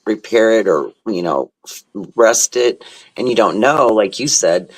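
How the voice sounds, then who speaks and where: Low-voiced, sympathetic chat host. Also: male voice, lively intonation, unhurried, rough recording. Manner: sympathetic, rambling with restarts. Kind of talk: casual chat.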